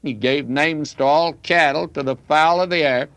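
A man's voice: a little high, normal speed, fairly bright tone, clear, resonant tone, no echo. An older man teaching from the Bible in a folksy, emphatic preaching manner. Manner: folksy, emphatic preaching with old-fashioned phrasing.

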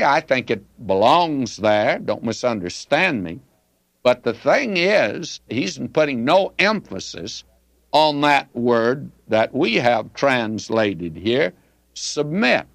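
A man's voice: mid-range voice, a bit bright, dry recording. An older man teaching from the Bible in a folksy, emphatic preaching manner. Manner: folksy, emphatic preaching with old-fashioned phrasing.

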